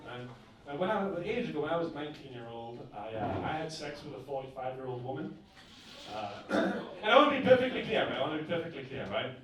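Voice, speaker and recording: A man's voice: very animated, fast talker, heavy reverb. A young man doing a stand-up comedy set on a club stage, chatting to the crowd and checking in with "right?" after each point. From northern England. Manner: conversational, keeps asking the crowd "right?". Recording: boomy club room heard from a distance. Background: audience laughter.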